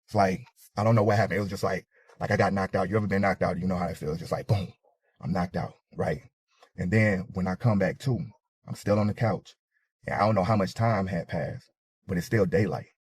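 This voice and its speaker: A man's voice: low voice, a little fast, husky, dry recording. A man telling a personal story dramatically, swearing freely and acting out sounds and his own panic. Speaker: storyteller in a reacted clip.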